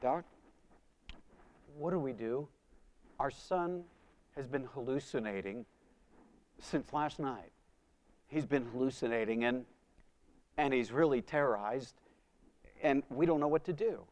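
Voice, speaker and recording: A man's voice: medium pitch, unhurried, pauses often, a little mellow, close to an everyday voice. A man voicing an earnest worried father. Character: anxious father on the phone to a doctor.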